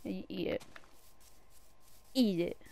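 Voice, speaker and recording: A male gaming creator giving casual gameplay commentary from a desk mic, chatty, with sudden excited shouts at an in-game cat. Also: high voice, takes it slowly, creaky, no room sound.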